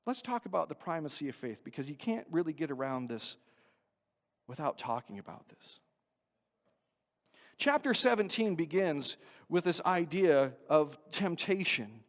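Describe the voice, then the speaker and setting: High-voiced preaching man, church reverb. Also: unhurried. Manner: animated preaching, swinging from loud to hushed. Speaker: pastor. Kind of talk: sermon. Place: church sanctuary.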